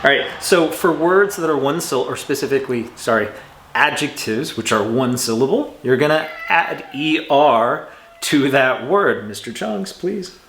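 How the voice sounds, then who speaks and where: A man gives a casual grammar lesson from his home, talking in a relaxed, chatty way and often correcting himself. His voice sits at an ordinary middle pitch. The room has a noticeable echo. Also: moderate pace, a little hiss or hum. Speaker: English teacher.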